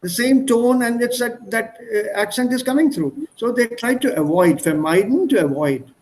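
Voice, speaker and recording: A man's voice: extremely high pitch, animated, moderate pace, a little mellow, a little hiss or hum, low-quality recording. A man with an Indian accent teaching an online German class, explaining words through strings of English synonyms. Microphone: video call.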